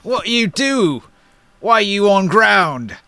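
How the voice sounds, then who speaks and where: A man voicing dim-witted male giants who speak in slow, broken, simple grammar. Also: high-pitched, big pitch swings, sharp tone, pitched above the performer's own voice, exaggerated voice. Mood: dopey.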